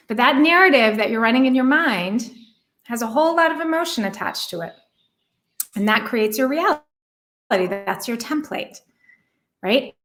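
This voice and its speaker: A woman's voice: fairly high pitch, a bit bright. Earnest woman coaching through rhetorical questions. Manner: earnest, reflective, asks many rhetorical questions. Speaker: relationship coach. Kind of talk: coaching monologue.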